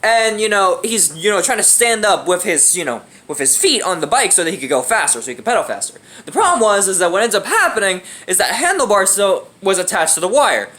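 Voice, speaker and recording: A man's voice: high-pitched, sing-song, fairly quick, few pauses, sharp tone. A young man telling a funny story in a casual, slangy, profane way, often laughing. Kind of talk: casual anecdote.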